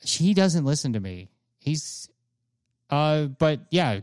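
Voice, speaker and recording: A man playing a tabletop role-playing game, halting and self-mocking as he speaks in character. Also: fairly high pitch, sing-song, a little mellow, no echo, studio quality. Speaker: player. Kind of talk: in-character role-play chat.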